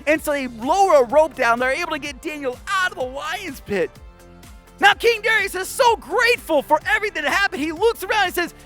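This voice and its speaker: Animated American man telling kids a story. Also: very high-pitched, a little fast, soft background music. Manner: animated, playful, with goofy voices and roars. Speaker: children's pastor. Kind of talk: kids' Bible storytelling.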